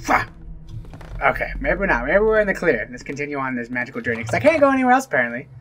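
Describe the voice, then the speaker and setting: Jumpy, animated gaming host. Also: male voice, medium pitch, fast talker. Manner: jumpy, exclaiming and joking at the screen. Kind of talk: horror let's play commentary.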